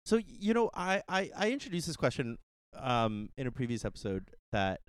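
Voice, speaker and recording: A man's voice: normal speed, smooth, no room sound. A man in his thirties hosts a podcast, his mid-range voice swinging widely up and down as he laughs and tells stories. He sounds candid and self-mocking. The recording is close and dry, with no room sound. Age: 30s. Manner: animated, laughing often, jumps high in pitch when excited. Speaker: podcast host. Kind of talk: casual chat.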